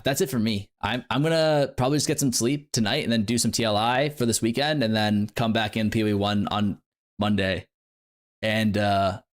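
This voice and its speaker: A young man streaming games, chatting casually to his viewers in a rambling, playful way with lots of fillers. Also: on the low side. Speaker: game streamer. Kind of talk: casual livestream chat.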